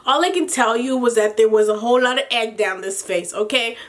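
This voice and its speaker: A woman telling a storytime vlog in a casual, animated way, swearing freely and laughing between lines. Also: on the high side, brisk. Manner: animated, profane, exasperated retelling. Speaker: storytime vlogger.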